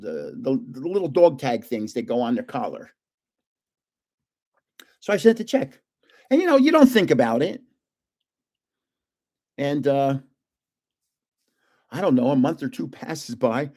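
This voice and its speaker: An older man hosts a live stream and wanders from one story to another, chuckling as he goes. His voice sits a little high and swoops around a lot. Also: darkish tone. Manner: rambling, jumps between stories, chuckles often.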